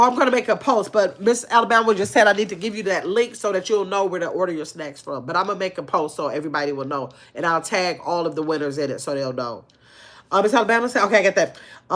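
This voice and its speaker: A middle-aged woman, hosting a casual livestream, reading viewers' comments aloud and answering them in a chatty, heartfelt way. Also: mid-range voice. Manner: warm conversational, reads chat aloud, frequent fillers. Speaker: livestream host.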